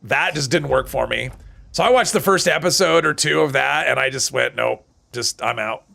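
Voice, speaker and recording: A man's voice: fairly high pitch, moderate pace, creaky, sharp tone. A man chatting casually on a live stream while he plays a game, reading chat and answering it, his voice strained and tired.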